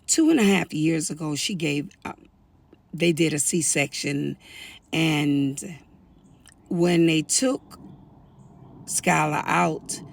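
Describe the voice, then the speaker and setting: A woman's voice: low voice, takes it slowly, creaky, pauses often. An older woman telling a family story as personal testimony, earnest and pleading as she warns other women. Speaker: storyteller sharing a family account.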